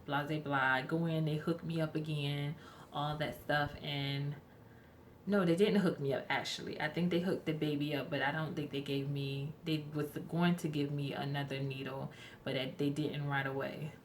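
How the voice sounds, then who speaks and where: A woman's voice: low-pitched, flat delivery, moderate pace, a little hiss or hum. A young woman telling a rambling, chatty storytime to her viewers, often correcting herself as she goes. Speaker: vlogger. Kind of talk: casual storytime vlog.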